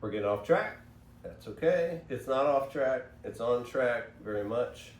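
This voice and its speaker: This is a male host with a medium-pitched, animated but unhurried voice, giving a rambling spiritual monologue that digresses and cuts itself off. His phone recording is echoey and distant, carrying a faint hiss.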